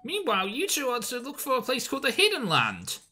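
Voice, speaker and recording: A man's voice: very high voice, wildly swooping pitch, a little fast, bright, forceful tone, faint music behind, heavily acted. A man voicing a fussy, squawking male parrot guild leader in a fan voice-over of a game. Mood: briskly summarizing.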